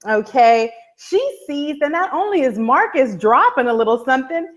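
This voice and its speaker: Female co-host, high voice, animated, live recap chat. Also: moderate pace. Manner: animated storyteller, repeats a catchphrase. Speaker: podcast co-host.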